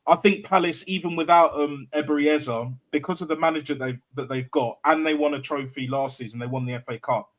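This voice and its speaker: Casual panel guest, man, slightly high voice, full of fillers. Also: fairly even intonation. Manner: casual, fast, hedging with fillers. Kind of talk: casual call-in chat.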